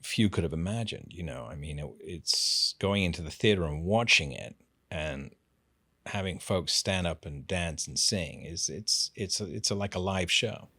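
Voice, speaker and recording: Brief: older actor guest, animated anecdotes, low voice with lively pitch, dry close recording. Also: male voice, moderate pace, slightly rough, no room sound. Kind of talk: casual interview storytelling.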